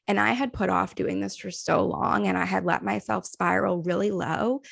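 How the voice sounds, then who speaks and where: A woman's voice: medium pitch, fairly even intonation, normal speed, vocal fry, no room sound, studio quality. A young adult woman co-hosting a podcast in casual chat, a therapist talking candidly, swearing freely and trailing off with "like".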